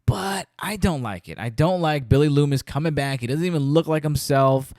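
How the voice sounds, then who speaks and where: A man's voice: on the high side, normal speed, a little mellow, dry recording, clean studio sound. A man hosting a podcast, chatting casually about a movie and acting out scenes in quoted voices. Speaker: podcast host. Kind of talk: casual movie review chat.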